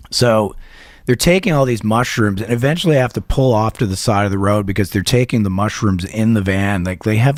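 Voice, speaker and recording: A man co-hosting a comedy podcast, telling a story in a rambling, animated way and swearing a lot. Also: lowish voice, no room sound, studio quality. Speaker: podcast co-host.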